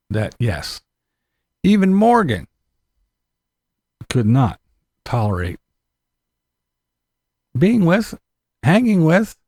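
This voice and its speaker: A man's voice: medium pitch, dark tone, no room sound, clean studio sound. A man giving casual reaction commentary in a sardonic way, repeating himself and laughing between remarks.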